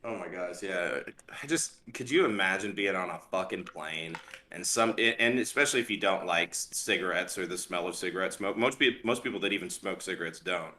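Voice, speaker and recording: Low-voiced man in a roomy echo. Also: fairly quick, sharp tone. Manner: laid-back, swears often. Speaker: podcast co-host. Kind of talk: casual chat.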